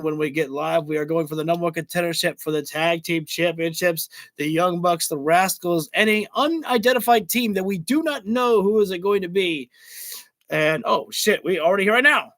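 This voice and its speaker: A man with a high voice hosts a casual wrestling reaction stream, rambling and restarting his sentences as he laughs at himself. He talks close to the mic in a dry, dead-sounding room. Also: a bit bright, dry recording. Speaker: wrestling livestream host. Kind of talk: casual live reaction commentary.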